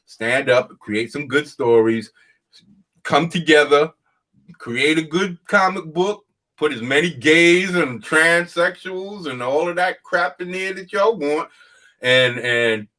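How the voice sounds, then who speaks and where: Hosting a casual talk show, a man speaks in a bright, forceful voice on the high side. His plain, folksy rants repeat points for emphasis, and he often laughs while going on.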